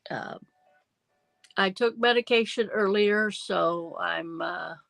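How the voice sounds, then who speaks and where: A middle-aged woman hosts a casual crafting livestream from home, her voice nasal and congested from feeling unwell. She talks slowly in a rambling, apologetic way, with a gravelly edge, dry close sound and faint music behind her. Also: mid-range voice, fairly bright tone, dry recording. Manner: rambling, apologetic, many ums and restarts. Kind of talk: casual livestream chat while junk journaling.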